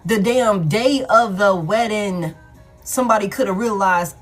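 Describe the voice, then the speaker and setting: A woman giving a casual tarot reading in a blunt, profane, animated way, repeating herself for emphasis. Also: mid-range voice, a little slow, soft background music. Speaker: tarot reader.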